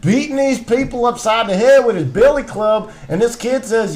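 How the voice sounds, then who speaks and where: A man's voice: extremely high pitch, moderate pace, few pauses. A man co-hosting a podcast, ranting in casual chat while hamming up a put-on Southern twang, riffing and repeating himself with some profanity. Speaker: podcast co-host.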